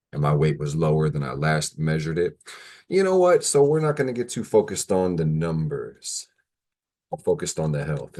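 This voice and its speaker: Very deep husky young man vlogging. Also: darkish tone. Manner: rambling, jokey, talking to the camera between bites. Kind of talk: casual mukbang vlog. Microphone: camera in front of him, like a video call.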